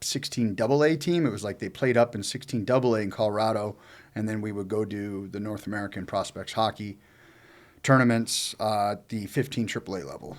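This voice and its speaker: A co-host recounts a long story from his own life in casual chat, rambling and cursing, full of fillers and restarts. His voice is fairly low and brisk, with mostly even intonation.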